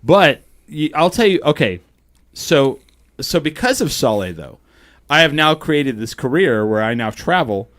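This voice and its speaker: Animated, profane man telling stories. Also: on the high side. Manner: quick, run-on delivery with many restarts. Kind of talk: casual chat.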